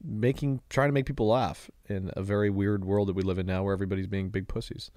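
A fast, brash man trades profane jokes as a podcast guest. His voice sits a bit low. The sound is dry and close. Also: fairly even intonation, dark tone, no room sound. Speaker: guest, social media comedian. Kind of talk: casual podcast chat. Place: office studio.

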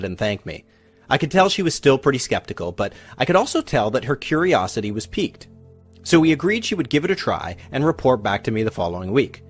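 A man, a relationship coach, narrating a scripted first-person story in an animated, confiding way. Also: mid-range voice.

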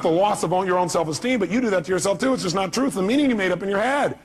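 A man's voice: high-pitched, rapid-fire, few pauses, a bit bright, breathy edge. A man giving a live motivational seminar, speaking emphatically and firing rhetorical questions at the audience.

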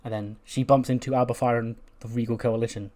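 This is a man talking casually through a wrestling management game run. His voice sits in an ordinary middle pitch, and he chats along, now and then slipping into quick voices for the wrestlers. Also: level tone, dark tone. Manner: chatty, acts out characters' lines in quick voices and laughs. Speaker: gaming YouTuber. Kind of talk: casual commentary over a wrestling sim playthrough.

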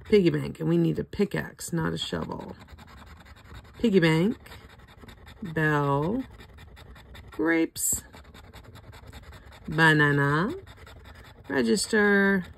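Her throat won't cooperate, so this Floridian scratch-off vlogger sounds hoarse, her low-pitched voice animated yet unhurried. She's an older woman reading out each ticket's symbols slowly, one at a time, tossing in chatty remarks as casual running commentary against slight background noise.

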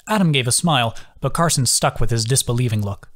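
A man's voice: mid-range voice, fast talker. A man reading his own fantasy novel aloud as audiobook narration. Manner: lively, expressive reading.

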